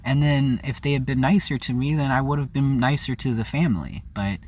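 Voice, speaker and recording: A man speaking briskly in a mid-range voice vlogs a candid story about himself, with slight background noise. He meanders frankly, keeps circling back to correct himself and drops "like" often.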